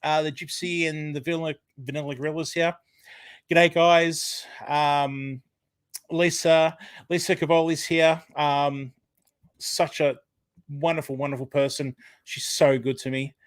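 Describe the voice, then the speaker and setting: An Australian man hosts a live chat from his desk, his voice sitting a touch high for a man. He talks in a rambling, filler-heavy way, greeting viewers by name. The sound is dry and close, with no room echo. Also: little pitch movement, unhurried, clean tone. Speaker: livestream host. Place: home room at a computer. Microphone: desk microphone.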